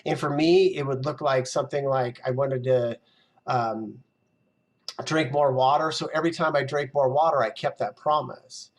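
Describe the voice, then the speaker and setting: A man coaching in a casual, animated motivational talk, now and then acting out his own inner voice. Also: mid-range voice, moderate pace. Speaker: success mindset coach.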